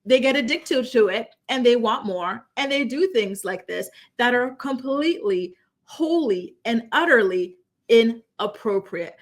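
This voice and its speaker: Chatty woman, rhetorical, higher voice. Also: animated, a little slow. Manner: chatty, emphatic, rhetorical questions. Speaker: commentary channel host. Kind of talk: casual commentary to camera.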